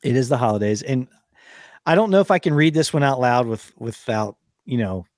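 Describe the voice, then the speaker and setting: A man's voice: mid-range voice, animated, brisk, a little mellow, dry recording. Joking man on a dry studio mic. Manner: joking, laughs often, folksy. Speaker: podcast co-host. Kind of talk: casual chat with ad read. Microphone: studio microphone.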